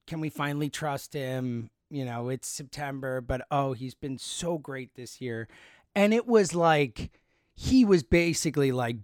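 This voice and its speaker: High-voiced chatty podcast guy, dry mic. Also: clean tone, dry recording. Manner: chatty, teasing, full of fillers and sudden loud bursts. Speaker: sports podcast co-host. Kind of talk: casual sports chat.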